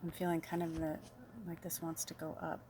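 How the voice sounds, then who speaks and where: A woman's voice: deep voice, completely flat delivery, a little fast, background noise. A woman giving a casual spiritual card reading, rambling and chatty, reading card passages aloud and talking straight to her viewers. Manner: chatty, rambling, addresses viewers as "you guys"; reads card passages aloud, then riffs on them. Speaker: tarot and oracle card reader.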